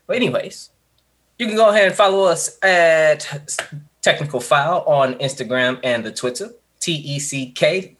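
A man's voice: a little high, moderate pace, a bit bright. A man co-hosting a podcast, joking and teasing his co-hosts in casual banter. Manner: joking, hypes and teases. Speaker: podcast co-host.

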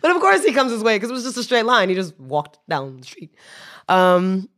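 A woman telling a story as a podcast guest, animated, laughing and restarting her sentences. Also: medium pitch, brisk. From United States. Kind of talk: casual storytelling.

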